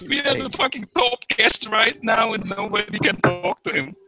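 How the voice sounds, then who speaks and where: A man on a group call, loud, profane and heckling. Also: high voice, moderate pace, music in the background, low-quality recording. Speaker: call-in guest. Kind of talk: crude live group call. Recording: crowd noise behind the voice.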